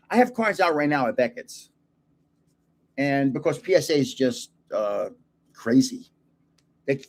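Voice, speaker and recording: An older man hosting a card-opening video, chatting and rambling into funny stories that make him laugh. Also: on the high side. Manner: rambling, chatty storyteller who laughs at his own jokes. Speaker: card collector channel host. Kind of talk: casual chat while opening cards.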